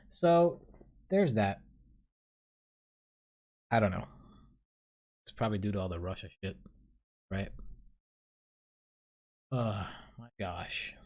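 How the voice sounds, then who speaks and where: Rambling, profane New man. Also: lowish voice. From New York City. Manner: rambling, profane, self-deprecating storytelling. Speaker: podcast host. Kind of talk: casual solo podcast monologue.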